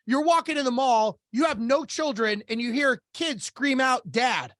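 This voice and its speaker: A man telling stories as a business coach and podcast guest, lively and casual, acting out the dialogue he recounts and swearing now and then. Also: extremely high pitch, normal speed, no room sound, studio quality. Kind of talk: storytelling in a podcast interview.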